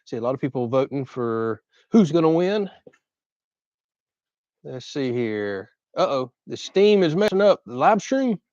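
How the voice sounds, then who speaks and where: A man with a deep Southern Florida drawl, casually reading and answering viewers' questions on a livestream. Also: a little slow, no echo, lo-fi sound. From Southern United States. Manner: relaxed, reads viewer questions aloud and chats. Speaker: co-host of a channel livestream.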